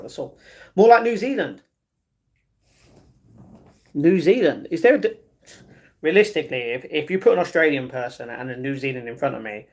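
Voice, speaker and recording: A man hosting a casual livestream, reading viewer comments aloud and answering them in an easygoing way, often stumbling and restarting his sentences. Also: a little high. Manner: chatty and easygoing, with halting restarts. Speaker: livestream host.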